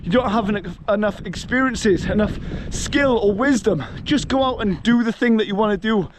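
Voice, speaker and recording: Higher-voiced man ranting on a hillside walk. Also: moderate pace, slight background noise. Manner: earnest, motivational rant. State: out of breath. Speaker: travel vlogger. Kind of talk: walking vlog monologue. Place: outdoors on a hillside walk in the rain.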